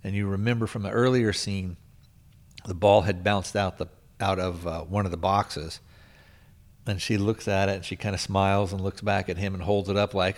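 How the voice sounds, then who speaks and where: A man with a somewhat low voice talks through a film's plot in a loose, unscripted way. He hedges and circles back often and leans on filler words as he recaps. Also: steady tone, moderate pace. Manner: rambling, hedging with frequent filler words. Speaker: podcast host reviewing a film. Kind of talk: casual spoken plot recap.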